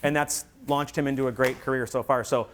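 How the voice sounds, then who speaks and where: A man's voice: mid-range voice, fairly even intonation, brisk, slight background noise. A man giving a workshop talk to real estate agents, telling stories and acting out quoted voices with energy.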